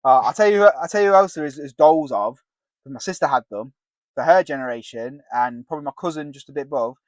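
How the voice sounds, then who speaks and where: High-voiced man joking on a podcast. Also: fast talker, dry recording. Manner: jokey, laughs often, sings snatches of songs. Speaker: podcast co-host. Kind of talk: casual chat. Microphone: headset with earpiece.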